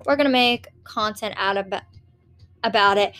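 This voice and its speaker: A high-voiced young woman hosts a casual solo podcast, rambling in a scattered way, jumping between topics, and swearing casually. She speaks at normal speed with a sharp tone, and faint music plays in the background.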